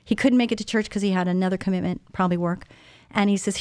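A woman's voice: mid-range voice, fairly even intonation, quick pace, mellow, dry recording. A woman in her sixties hosting a Christian radio talk show, speaking earnestly and personally to her listeners. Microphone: studio microphone.

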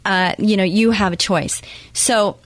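A woman's voice: mid-range voice, steady tone, unhurried, no echo. A woman hosting a faith-based radio call-in show, talking in an earnest, encouraging way and repeating her key points. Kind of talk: faith-based motivational talk.

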